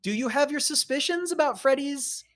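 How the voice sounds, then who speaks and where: Lively, chatty tabletop game master. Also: high voice, normal speed. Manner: lively, chatty storytelling with fillers.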